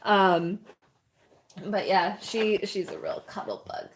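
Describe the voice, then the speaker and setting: A woman's voice: mid-range voice, moderate pace, fairly bright tone, a little hiss or hum. A woman chatting casually with her live-stream viewers while she paints, rambling and often laughing and cooing at puppies, indoors at a home.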